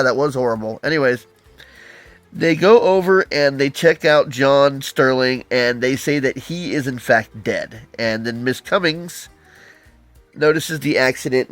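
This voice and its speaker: A man's voice: mid-range voice, no echo. A man casually reviewing an old comic book, reading panels aloud and adding wry comments.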